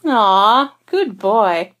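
A woman's voice: medium pitch, lively intonation, drawn-out words, fairly bright tone. A woman reading a fan story aloud and voicing a playful, flippant young woman who teases everyone. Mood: playful teasing. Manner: teasing, flippant, bubbly. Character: young woman, sassy and playful office worker. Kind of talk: fan fiction audiobook reading.

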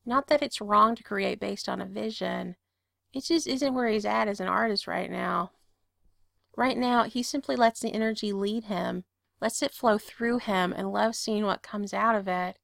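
A woman narrating a story aloud in a calm, steady voice. Her tone has a gravelly fry to it. The recording is close and dry with no room sound. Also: medium pitch, no echo. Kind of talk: reading fan fiction aloud.

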